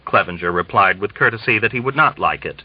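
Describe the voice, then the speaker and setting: A man reading a novel aloud in measured, scripted narration. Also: lowish voice, expressive, no room sound, lo-fi sound. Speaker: audiobook reader.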